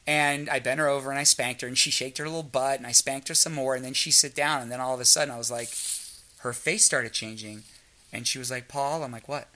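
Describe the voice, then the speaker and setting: Man, casual storyteller, bright tone, plays out each quoted line. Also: medium pitch, steady tone, brisk, a little hiss or hum. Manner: storytelling, acts out quoted dialogue. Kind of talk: frank casual chat.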